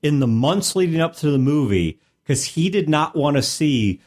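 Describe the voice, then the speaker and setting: A man's voice: fairly high pitch, expressive, normal speed, darkish tone. A man co-hosting a casual panel chat, telling anecdotes emphatically with insistent asides.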